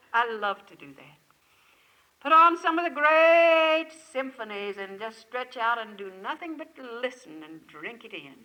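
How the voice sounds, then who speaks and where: Older woman, devotional camp talk, effusive, many rhetorical questions, ringing bright tone. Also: a little high, poor audio. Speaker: camp speaker. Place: gathering at a lakeside retreat camp.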